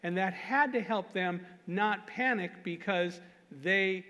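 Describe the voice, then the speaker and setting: A high-pitched man speaks slowly as he tells a story at a conference. Animated and self-mocking, he jokes about himself and laughs at it, and the conference hall's long reverb colors the sound.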